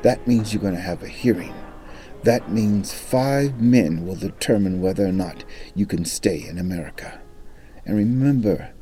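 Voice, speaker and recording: A middle-aged park ranger tells history with dramatic emphasis. His voice sits low and sounds warm and mellow. Faint music plays behind him. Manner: dramatic storytelling, varied emphasis. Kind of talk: storytelling guided talk.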